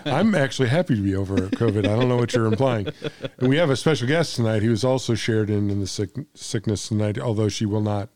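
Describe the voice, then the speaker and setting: A man's voice: fairly low pitch, fast talker, a little mellow, no echo. A man co-hosting a casual podcast in a cigar shop lounge, teasing and wry, just recovered from covid. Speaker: podcast co-host.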